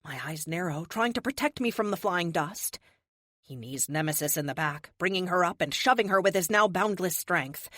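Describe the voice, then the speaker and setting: A woman narrating a first-person action audiobook with dramatic, expressive delivery on a close studio mic. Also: lowish voice, no room sound.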